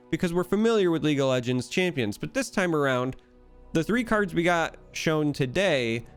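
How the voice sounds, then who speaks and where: A man's voice: on the high side, clean tone. A man with a Midwestern American accent, talking enthusiastically and analytically in casual solo commentary about a card game. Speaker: card game content creator.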